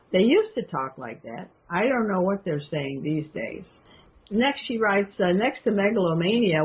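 Very husky woman on a tinny line. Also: medium pitch. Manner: reads passages aloud, then breaks off into loose remarks with fillers; addresses listeners directly. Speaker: commentator reading from a book. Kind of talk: reading aloud with spoken commentary. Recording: tinny phone-like sound.

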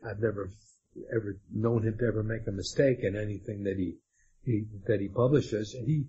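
A man's voice: on the low side, steady tone, brisk, dark tone, husky. A man answering as the guest of an interview, hesitant and stumbling through his answers with many fillers. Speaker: guest author. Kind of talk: conversational interview. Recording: dull lo-fi sound with faint noise.

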